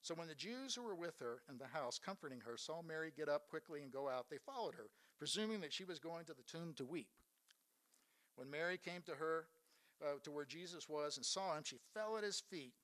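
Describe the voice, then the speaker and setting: A man delivers a sermon in an earnest, searching tone. His voice sits a little higher than most men's. He retells scripture and keeps asking his listeners rhetorical questions. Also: animated, brisk, fairly bright tone. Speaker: preacher. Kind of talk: sermon retelling Bible stories.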